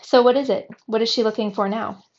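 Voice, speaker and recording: A woman's voice: on the high side, steady tone, brisk, a little mellow, muffled recording, pitched above the performer's own voice, natural voice. A woman voicing a curious bookish girl.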